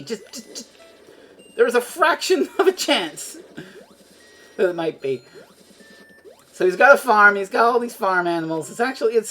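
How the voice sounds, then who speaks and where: A woman's voice: on the high side, a bit bright. A woman from Europe chatting casually while streaming a game, rambling, sarcastic and profane, often tripping over her words.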